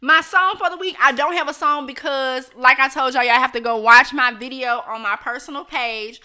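Chatty woman stream host, high and very bright voice, talks right to the viewers. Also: normal speed, clear, resonant tone. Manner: chatty, laughs often, talks straight to viewers. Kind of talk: casual live chat reading comments.

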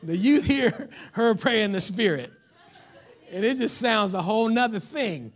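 High-voiced pastor man preaching, lively storytelling, gets loud sometimes. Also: unhurried. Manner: animated, storytelling, breaks into shouts. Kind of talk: sermon.

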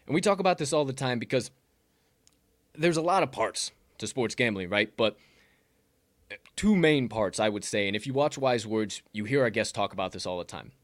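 Energetic, swearing podcast host man. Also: mid-range voice, moderate pace, no echo. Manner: energetic, swearing, rambling banter. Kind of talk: casual sports betting chat.

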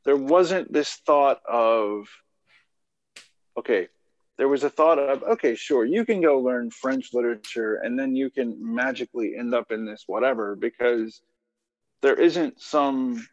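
A man's voice: mid-range voice, a little slow. A man guesting on a podcast, musing aloud in casual chat and leaning on fillers as he rambles through his points. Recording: dull lo-fi sound with long reverb.

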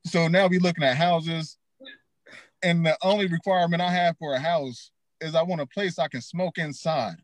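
High-voiced man doing stand-up. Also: steady tone, normal speed, dry recording. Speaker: stand-up comedian. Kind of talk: stand-up set. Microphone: live stream.

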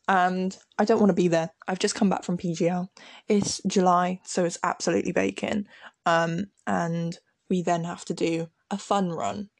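A young woman chats casually and laughs at herself as she talks. Her voice carries a gravelly fry at the ends of phrases. The recording is close and dry, with no room sound. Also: fairly low pitch, unhurried, no echo. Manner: giggly, self-mocking, animated. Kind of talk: casual chat, reading from an old diary.

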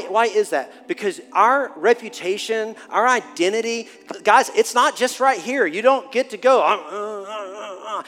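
A man in his forties preaching a sermon and telling a family story, animated, swinging from hushed to loud and laughing. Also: high voice. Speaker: pastor. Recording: long hall reverb with faint music.

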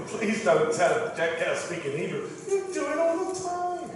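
Jokey English preacher in an echoey hall. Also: male voice, on the high side, sing-song, a little slow, hardly any pauses, far from the mic, background noise. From England. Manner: jokey and chatty, then hushed in prayer. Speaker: guest speaker. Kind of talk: church talk with prayer.

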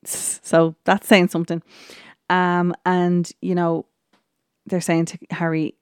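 A woman hosting a podcast, giving a casual, chatty recap of a TV episode and often filling pauses with "look" and "um". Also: lowish voice, monotone, smooth, no echo, studio quality. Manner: chatty retelling full of "look" and "um". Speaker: podcast host.

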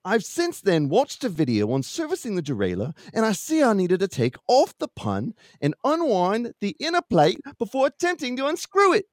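A man's voice: high-pitched, wildly swooping pitch, drawn-out words, pauses often, pushed and bright, dry recording, pitched above the performer's own voice, heavily acted. Give me a man putting on a hammy mock accent to read a story aloud, dry. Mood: jokey. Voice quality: playfully hammy reading voice.

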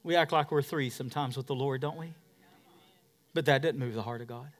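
A male pastor delivering a sermon, swinging from shouting to a hush and calling for responses from the congregation. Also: medium pitch, a little fast.

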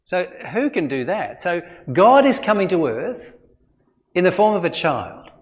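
Brief: Australian male pastor, slightly high voice, chatty sermon delivery, full of ums and restarts. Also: big pitch swings, a little slow. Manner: conversational preaching with many fillers and restarts. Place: church.

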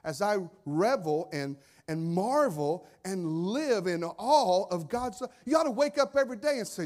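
A male pastor preaching a sermon, swinging from soft asides to loud emphatic lines and repeating phrases for effect. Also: high-pitched, animated, moderate pace. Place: church sanctuary.

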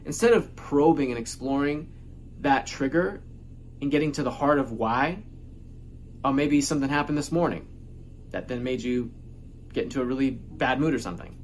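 A man's voice: mid-range voice, expressive, moderate pace, pauses often, slight background noise. A man delivering a casual motivational monologue as a self-help speaker, emphatic and repetitive, swearing freely.

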